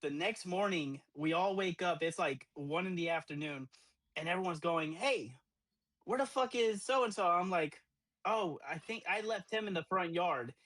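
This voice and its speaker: A young man in his twenties, co-hosting a podcast and telling a profane, animated party story with acted-out quotes. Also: high-pitched, normal speed, no room sound, low-quality recording. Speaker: podcast co-host. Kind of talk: casual storytelling.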